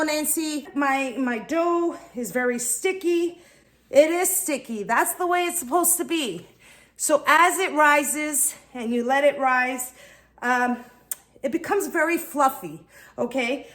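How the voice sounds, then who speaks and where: A woman hosting a home cooking lesson, chatty and explaining each step, a bit out of breath from kneading dough. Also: high-pitched. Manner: chatty, talks viewers through each step. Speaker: cooking channel host. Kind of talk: casual cooking demonstration.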